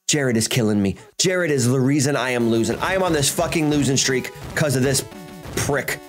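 A man hosting a gaming channel, ranting and swearing through his gameplay commentary, swinging between shouting and muttering. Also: medium pitch, normal speed, soft background music.

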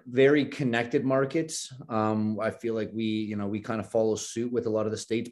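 A man's voice: mid-range voice, a little mellow. A man co-hosting a podcast, asking earnest, conversational questions. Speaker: podcast co-host. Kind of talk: podcast interview.

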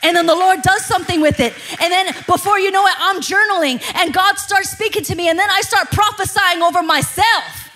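A woman pastor in her thirties preaching a sermon in an animated, conversational way, laughing often. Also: extremely high pitch, a little fast, few pauses.

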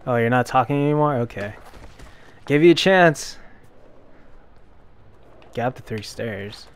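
Slow, self-mocking young gamer. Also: male voice, medium pitch, lively intonation, a little hiss or hum. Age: young adult. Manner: self-deprecating, loud frustrated outbursts. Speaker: gameplay commentator. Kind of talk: casual let's-play commentary.

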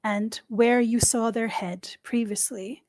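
Unhurried woman game master narrating. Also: fairly high pitch, fairly even intonation, a little mellow, dry recording.

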